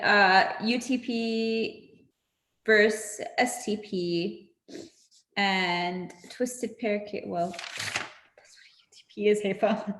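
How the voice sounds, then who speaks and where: A woman's voice: mid-range voice, roomy sound. A woman hosting a casual livestream, chatty and laughing often with lots of fillers. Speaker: livestream host. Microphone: video call.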